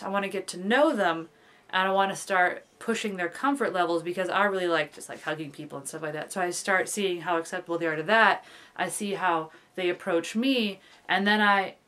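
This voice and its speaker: A woman's voice: mid-range voice, fairly bright tone. Rambling young woman vlogging. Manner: rambling, overthinking, many fillers. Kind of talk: casual confessional vlog.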